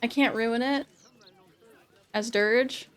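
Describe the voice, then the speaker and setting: A woman streamer chatting casually over gameplay, laughing often and repeating herself when excited. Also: on the high side, slow, smooth.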